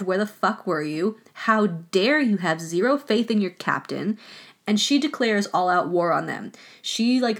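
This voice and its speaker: A woman hosting a podcast, telling a history story in a casual, chatty way, full of filler words and swearing. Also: medium pitch. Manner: chatty and profane, heavy use of filler words. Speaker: podcast host.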